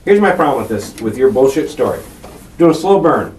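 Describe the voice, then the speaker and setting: A man's voice: medium pitch, very animated, a little fast, a little mellow, a little hiss or hum. A male police detective interrogating a suspect, confrontational and swearing as he presses for a confession. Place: interrogation room. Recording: echoey room picked up from far off.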